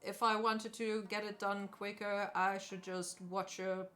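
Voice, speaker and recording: A woman's voice: mid-range voice, level tone, a little slow, fairly bright tone, a little hiss or hum. A woman streamer chatting casually while she sews, talking to herself and answering her chat in a playful way.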